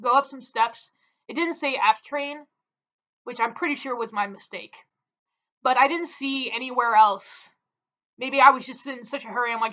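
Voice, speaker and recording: A young woman tells a story to the camera, chatty and animated, with lots of "like" in her speech. Her voice sits high, and the recording sounds a little dull and lo-fi. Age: young adult. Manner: chatty, filler-heavy, animated. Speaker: vlogger. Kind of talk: casual storytelling.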